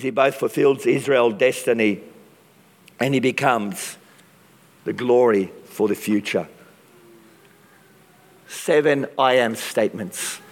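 A man preaching a sermon with passion and dramatic pauses, his voice strained from use. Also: mid-range voice, creaky. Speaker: pastor. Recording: long reverb of a large hall.

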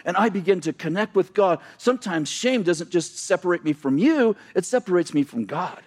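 A man pastor preaching a sermon in a church, animated, swinging between shouting and quiet asides. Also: high-pitched, normal speed. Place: church sanctuary.

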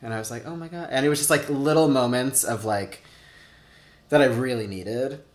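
A man's voice: medium pitch, normal speed. A man in his thirties, interviewed for an oral history, telling personal stories casually with lots of "like" fillers and acted-out quotes. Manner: chatty, many "like" fillers, acts out quotes. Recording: roomy echo.

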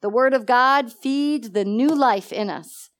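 A woman teaching a church Bible study with animated energy, laughing often and acting out conversations. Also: a little high, slow. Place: church meeting room.

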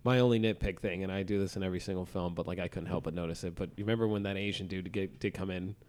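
A man's voice: deep voice, steady tone, rapid-fire, a little mellow. A man in casual movie-review chat, skeptical and nitpicking, swearing now and then.

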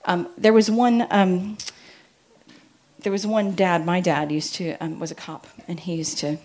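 A woman's voice: on the low side, steady tone, unhurried, a little mellow. A middle-aged woman from the United States giving a chatty, story-filled talk to parents at a church, acting out quotes as she goes.

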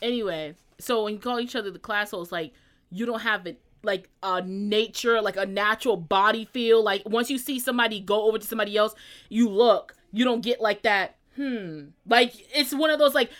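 A woman's voice: mid-range voice, fairly quick. A woman co-hosting a casual podcast chat, telling stories and acting out voices as she goes. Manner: animated, acts out voices in her stories. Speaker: podcast co-host.

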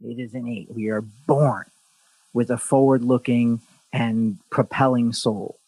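A man's voice: mid-range voice, a little slow, breathy edge, no echo. A man hosting a podcast in casual chat, telling stories bluntly with lots of swearing and sarcastic, mocking asides. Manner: blunt, profane, animated storytelling. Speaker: podcast host.

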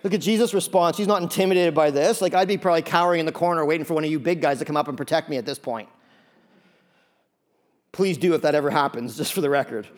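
A man preaching a sermon to a church congregation in an animated, joking, conversational way. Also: fairly high pitch, quick pace. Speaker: pastor.

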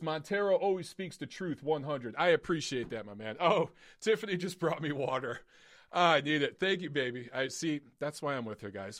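A man's voice: medium pitch, no room sound. A man hosting a live-streamed boxing show, ranting bluntly and emphatically, and saying he is losing his voice. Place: padded soundproofed home studio.

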